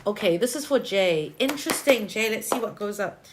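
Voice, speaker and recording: A woman's voice: medium pitch, lively intonation, normal speed, background noise. A woman giving a livestream tarot reading, talking bluntly and chattily to viewers. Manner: blunt, chatty, peppered with "lah" and "leh" particles. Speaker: tarot reader.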